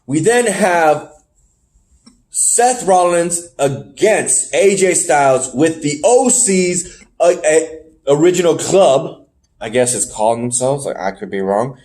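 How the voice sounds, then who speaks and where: Male podcast co-host with a high voice, loose rambling recap delivery. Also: animated, slow, a little mellow. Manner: rambling play-by-play recap with fillers and laughs. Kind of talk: casual wrestling recap chat.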